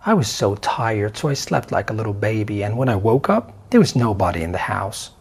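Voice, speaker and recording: A man narrating a dramatic first-person story with a husky voice and expressive delivery. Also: lowish voice, fairly quick.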